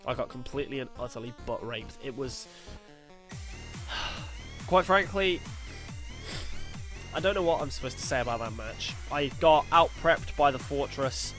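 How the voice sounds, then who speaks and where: A man's voice: mid-range voice, measured pace, long pauses, fairly bright tone, faint music behind. A young man, frankly and self-critically commenting on a lost game battle. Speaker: game video host.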